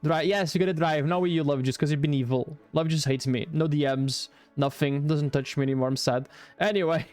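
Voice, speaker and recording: A man streaming live, chatting casually with his viewers in an excitable, rambling, playful way and swearing freely. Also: a little high, a little fast, soft background music.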